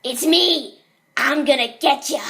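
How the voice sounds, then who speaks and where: A woman voicing a menacing male animatronic pirate fox in a storybook reading, loud and higher than her own voice. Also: a little slow. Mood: taunting. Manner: shouted, gleeful taunting.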